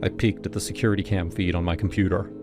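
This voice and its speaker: Low-voiced male storyteller over music. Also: little pitch movement, quick pace. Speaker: narrator. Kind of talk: scripted first-person horror narration.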